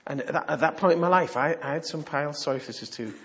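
A man preaching a sermon, animated and humorous, moving from hushed asides to loud exhortation. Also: fairly high pitch, racing, highs cut off.

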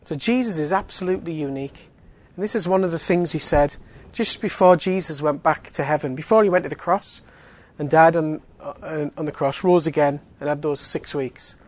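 A man's voice: fairly high pitch, normal speed, hardly any pauses, a little mellow. Chatty man giving a faith talk. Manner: conversational, many fillers, joking asides. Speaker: Alpha course speaker. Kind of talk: evangelistic talk.

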